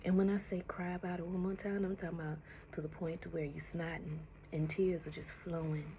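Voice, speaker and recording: A woman giving a spiritual tarot message, speaking slowly and soothingly, often dropping to a breathy whisper and calling the listener honey, sounding emotional and close to tears. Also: lowish voice, flat delivery, warm tone, a little hiss or hum. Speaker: tarot reader.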